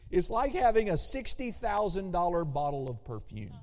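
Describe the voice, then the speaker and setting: A man preaching a sermon as a pastor, animated, swinging between loud emphasis and hushed asides. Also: high-pitched, moderate pace. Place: church sanctuary. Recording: long hall reverb.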